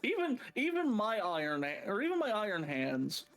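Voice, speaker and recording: Stammering, laughing guy with a high voice. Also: huge pitch swings, normal speed, a bit bright, soft background music. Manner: stammering restarts, laughing, profane. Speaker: guest streamer. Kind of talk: casual chat.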